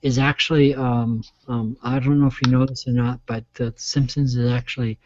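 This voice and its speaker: A man's voice: mid-range voice, little pitch movement, normal speed, a little mellow, no echo, dull audio. A drunk man rambling in casual chat, stammering, repeating himself and swearing.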